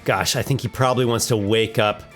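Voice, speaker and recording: A man's voice: fairly low pitch, fairly even intonation, brisk, a bit bright, soft background music. A man hosting a tabletop monster battle, narrating with enthusiasm and thinking aloud over the dice rolls. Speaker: host running a monster battle. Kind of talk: narrating a tabletop combat simulation.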